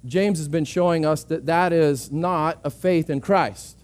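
Earnest male pastor, higher voice, sermon delivery, repeats words on restarts. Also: a little slow, few pauses, darkish tone.

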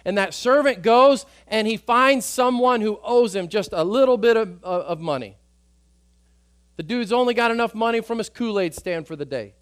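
A man preaching a sermon as pastor, emphatic, swinging between loud urgent stretches and quiet soft ones. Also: high-pitched, lively intonation, moderate pace, no room sound, studio quality.

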